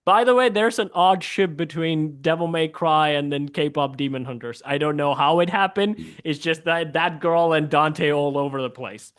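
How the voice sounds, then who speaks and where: Playful male improv host on a video call, slightly high voice. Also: measured pace, a bit bright. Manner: playful, trailing off into laughter. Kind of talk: hosting an online improv game in costume persona.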